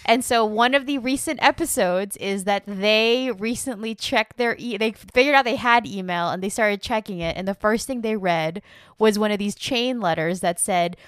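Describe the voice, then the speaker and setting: A young woman co-hosts a podcast, chatting casually and animatedly and laughing often. Her mid-range voice is clear and resonant at a normal speed, captured in a dry, studio-quality recording.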